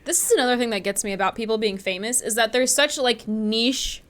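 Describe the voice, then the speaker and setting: A woman co-hosting a chatty podcast, her voice sitting a little high for a woman. She tells stories with lively energy and drops swear words freely. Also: a little fast. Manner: swears often, animated storytelling. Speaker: podcast co-host. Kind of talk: casual chat.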